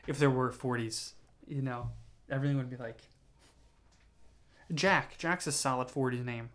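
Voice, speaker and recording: A young man talks alone into his podcast mic, drifting from one tangent to the next. He sounds tired and low on steam, and he keeps stopping to restart sentences and poke fun at himself. His pitch sits in a plain middle range. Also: fairly even intonation, moderate pace, fairly bright tone. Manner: meandering, self-mocking, full of fillers and restarts. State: tired, yawning. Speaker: podcast host. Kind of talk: rambling solo podcast monologue.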